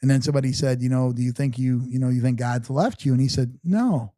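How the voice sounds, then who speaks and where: Middle-aged male guest, warm dark voice, dry close sound, halting storyteller full of "you know". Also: medium pitch, no room sound. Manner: halting, repeats words, many "you know"s. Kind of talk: personal storytelling interview.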